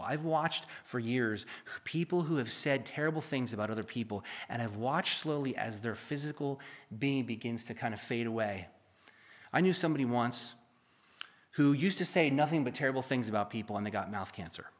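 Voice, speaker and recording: A male pastor preaching a sermon, building to emphatic peaks and then dropping to quiet, confiding asides. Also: medium pitch, animated, a little fast. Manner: preachy, rises to near-shouting then drops to a hush.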